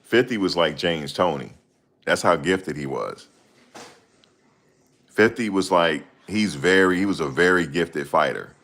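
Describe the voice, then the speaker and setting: Deep-voiced man rambling in slangy chat. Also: lively intonation, unhurried, long pauses, fairly bright tone. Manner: slangy, rambling, searching for names. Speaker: host. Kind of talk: casual chat.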